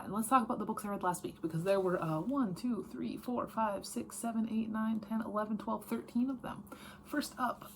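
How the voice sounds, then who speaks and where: Chatty, frank woman with a lowish voice. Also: slight background noise. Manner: chatty, frank, lots of fillers and self-corrections. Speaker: book vlogger. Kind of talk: casual reading wrap-up chat.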